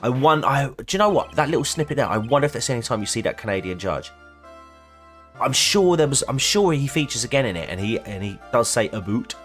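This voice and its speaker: A man's voice: medium pitch, sing-song, fast, fairly bright tone, faint music behind. A man hosting a let's play, reading game dialogue aloud with voices and a playful manner. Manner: playful, laughs at own voices.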